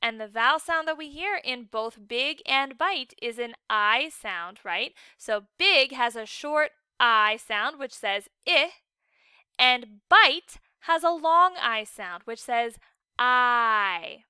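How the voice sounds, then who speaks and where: A high-pitched woman teaching a phonics lesson to children in a slow, careful way. Her voice is bright and smooth, and each word is stretched and overpronounced. She sounds patient and encouraging, recorded dry and close. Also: lively intonation, no echo. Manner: slow, exaggerated enunciation of words.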